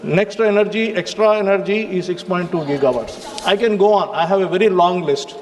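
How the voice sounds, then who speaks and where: A man's voice: high voice, a little fast, long reverb tail, slight background noise. Emphatic Indian man speaking in parliament. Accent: Indian English. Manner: formal, emphatic, addresses the chair. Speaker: member of parliament. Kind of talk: parliamentary speech. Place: large parliamentary chamber.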